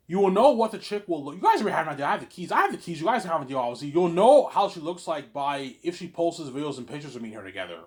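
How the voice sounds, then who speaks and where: A man rambling in a monologue to his audience, boastful and repetitive, tagging his lines with "obviously" and dropping from loud claims to mumbled asides. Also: on the high side, very animated, rapid-fire, hardly any pauses. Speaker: vlogger.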